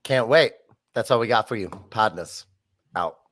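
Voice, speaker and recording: A man's voice: mid-range voice, brisk, a bit bright, no echo. A man co-hosting a casual sports podcast, playful and joking as he plugs the show. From Louisiana. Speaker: co-host.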